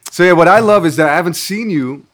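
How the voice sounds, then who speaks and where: A male podcast host with a fairly high voice talks in a loose, casual way. He rambles, stops mid-thought and restarts as he catches up with an old friend. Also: quick pace, a bit bright. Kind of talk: casual chat.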